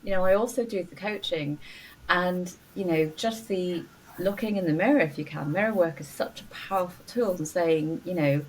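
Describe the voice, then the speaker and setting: A woman's voice: fairly low pitch, moderate pace, slightly rough, distant mic, poor audio. A middle-aged woman, a doctor and coach, talking earnestly and encouragingly as a podcast guest, with many "you know" fillers. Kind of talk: warm interview conversation. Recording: faint noise, voice a bit off-mic.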